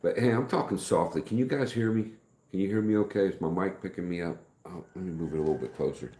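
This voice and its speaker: A middle-aged man hosting a casual live stream, rambling in a folksy way, greeting viewers by name and speaking softer than usual. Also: sits low, fast, reverberant.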